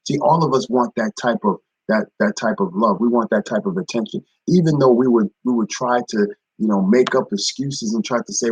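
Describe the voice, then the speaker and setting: A man's voice: medium pitch, brisk, few pauses, slightly rough, no echo, lo-fi sound. A man giving a casual spoken devotional, repeating phrases and greeting viewers by name. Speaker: ministry speaker. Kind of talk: live-streamed devotional talk.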